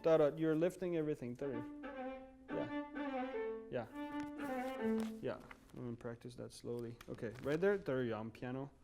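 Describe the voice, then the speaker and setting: A man's voice: mid-range voice, moderate pace, gravelly, pauses often. A man coaching a chamber music group in a master class, encouraging and singing phrases on nonsense syllables to show what he means. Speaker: violin coach.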